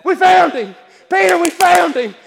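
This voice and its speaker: A preacher acting out an excited male apostle, repeating his news in a breathless, urgent rush. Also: extremely high pitch, unhurried, gravelly, voice pushed up, full character voice. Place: church sanctuary. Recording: long hall reverb.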